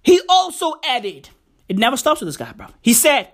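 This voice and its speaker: A woman's voice: high-pitched, sing-song, moderate pace. A woman from South Africa delivering a profane, slangy, incredulous comedic rant to camera. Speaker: commentator.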